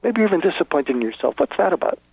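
A man's voice: fairly high pitch, racing, creaky, husky, dry recording. A male author as a guest on a radio interview, explaining his advice and acting out example lines of dialogue. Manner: animated, acts out example dialogue. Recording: dry, phone-line quality.

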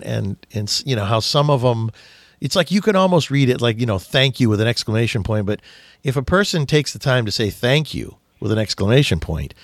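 A man's voice: medium pitch, no echo. A man hosting a business radio talk show, rambling animatedly and acting out little quotes.

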